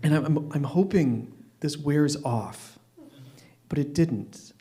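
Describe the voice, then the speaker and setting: A man in his fifties telling a story at an open mic, wry and deadpan, often restarting his sentences. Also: on the high side, takes it slowly. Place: stage at an open mic night.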